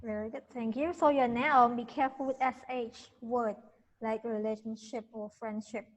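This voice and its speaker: Female English teacher on a video call, fairly high voice, long reverb on the line, patient drill-style corrections. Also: steady tone, normal speed, dull audio. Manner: corrects and drills pronunciation, asks questions. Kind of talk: online class teaching pronunciation.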